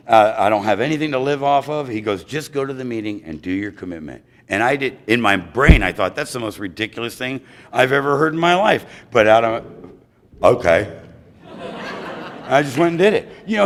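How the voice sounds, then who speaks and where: An American man sharing his recovery story at a meeting, animated and acting out other people's voices. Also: medium pitch.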